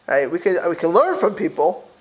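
A middle-aged man teaches as a rabbi, his voice high and very lively. He restarts words often and throws out exclamatory rhetorical questions to the room. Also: normal speed, slightly rough. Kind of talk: Torah class.

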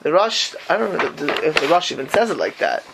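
A man teaches an informal Talmud class with a high, lively voice. He asks his questions with a rising lilt and mixes Hebrew and Yiddish terms into his English. Faint noise sits under the recording. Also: quick pace, vocal fry.

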